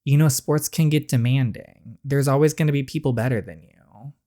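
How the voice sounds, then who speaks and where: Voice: mid-range voice, normal speed, dark tone, natural voice. A gamer reading a cold, veiled father. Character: cold, calculating estranged father. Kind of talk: reading game dialogue aloud.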